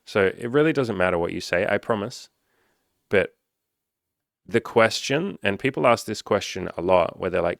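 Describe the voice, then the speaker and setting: A man's voice: fairly low pitch, gravelly, a bit bright, no room sound, studio quality. A man giving blunt, casual dating advice to viewers, reading out their comments and answering them, swearing freely. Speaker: dating coach. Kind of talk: casual talking-head advice video.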